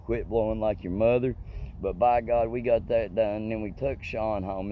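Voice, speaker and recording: Brief: low-voiced man, rambling profane storyteller, faint background hum. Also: narrow, tinny audio. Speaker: comedic storyteller. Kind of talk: casual storytelling monologue.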